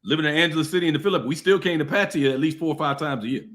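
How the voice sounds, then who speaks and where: A podcast guest, a man, gives confident advice in casual chat. He talks very fast, in a slightly raised pitch. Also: a bit bright.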